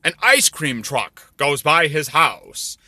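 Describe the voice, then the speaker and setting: A man telling crude comedy stories in a rambling way, with deadpan asides. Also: fairly high pitch, slow pace, dry recording. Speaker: storyteller. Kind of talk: crude comedic storytelling over drawings.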